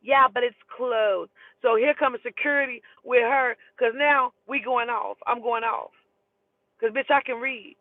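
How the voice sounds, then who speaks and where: A woman telling a heated, profane story in an emphatic, animated way. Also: a little high, a little slow, no echo. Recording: tinny phone-like sound.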